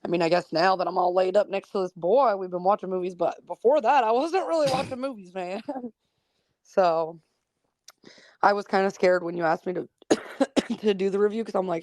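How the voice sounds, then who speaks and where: A woman's voice: medium pitch, normal speed, a little mellow, no echo. A woman co-hosting a casual movie review chat, rambling and profane, laughing often, with a smoker's cough. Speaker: podcast co-host.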